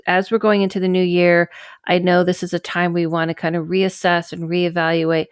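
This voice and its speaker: Woman podcast host, chatty and rambling, smooth even tone, dry sound. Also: fairly low pitch, moderate pace, dry recording. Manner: chatty and rambling, with frequent asides and self-corrections. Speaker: podcast host and psychic medium. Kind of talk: casual podcast chat. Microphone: camera microphone.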